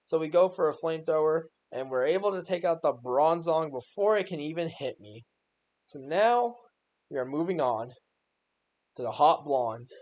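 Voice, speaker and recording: A man's voice: a little high, normal speed, darkish tone, dull audio. A young man giving a casual voice-over on his own game run, joking and exasperated at his own plays. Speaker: gaming YouTuber.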